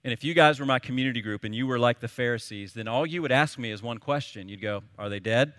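A man in his thirties preaching a sermon, telling a family story in an animated, conversational way. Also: mid-range voice, fast, dry recording, long reverb tail. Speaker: pastor.

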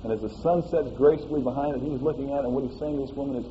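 A man preaching a sermon in a folksy, animated way, often asking "all right?" as he explains a scripture passage. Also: medium pitch, rapid-fire, few pauses, dull audio, background noise.

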